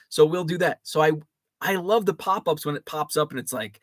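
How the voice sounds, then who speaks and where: A man's voice: on the high side, animated, brisk, a bit bright, dry recording. A man, hosting a casual live chat and reading viewer comments with many fillers and restarts. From Chicago area. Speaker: host.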